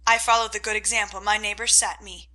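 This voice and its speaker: A woman voicing a lively teenage boy neighbor, breezy and cheerful. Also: medium pitch, fairly quick, lightly acted.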